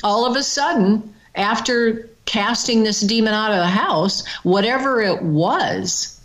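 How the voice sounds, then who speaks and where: Woman guest, slow unhurried delivery, earnest storytelling with dramatic pauses, mid-range voice. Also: medium pitch, low-quality recording. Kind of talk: casual spoken storytelling.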